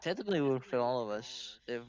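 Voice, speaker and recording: A man's voice: medium pitch, animated, fast, a little mellow, lo-fi sound. A man playing in a tabletop game, talking in an offhand, casual way. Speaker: player.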